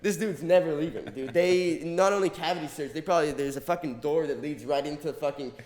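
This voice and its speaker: A man from Mexico co-hosting a podcast, telling a story in a casual, animated way, swearing often and acting out what other people said. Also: on the high side, fairly quick. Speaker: podcast co-host. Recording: roomy echo.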